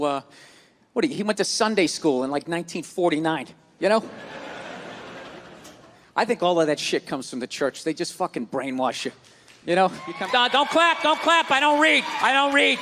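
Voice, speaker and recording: A man doing a stand-up comedy set on stage, ranting loudly and cursing freely into a handheld microphone. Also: fairly high pitch, long reverb tail, slight background noise. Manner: loud, ranting, profane. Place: stage before a live audience. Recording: live comedy club with audience.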